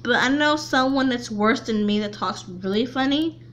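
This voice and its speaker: A woman vlogger chatting casually to camera, talking haltingly with frequent restarts and repeated words. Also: fairly high pitch, a bit bright.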